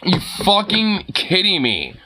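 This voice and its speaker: A man's voice: high voice, huge pitch swings, slow, noisy background. A young man streaming, ranting in casual chat, swearing a lot and laughing often.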